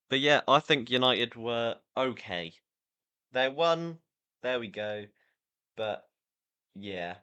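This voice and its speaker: A man's voice: mid-range voice, bright, forceful tone. Chatty, tired man rambling about football. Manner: rambling, opinionated, frequent fillers and restarts. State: tired, yawning. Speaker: podcast host. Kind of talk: casual football chat podcast.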